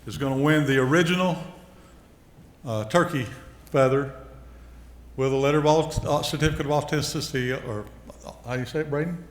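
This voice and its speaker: A man's voice: on the high side, a little fast. A man emceeing a ceremony, speaking to a seated audience in a plain, folksy, heartfelt way. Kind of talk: addressing a banquet audience. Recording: reverberant hall over a PA.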